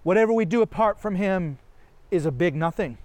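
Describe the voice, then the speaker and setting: Animated preacher, male, high voice, dry close recording. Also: brisk, no room sound. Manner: animated, asks many rhetorical questions, laughs often. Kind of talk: sermon.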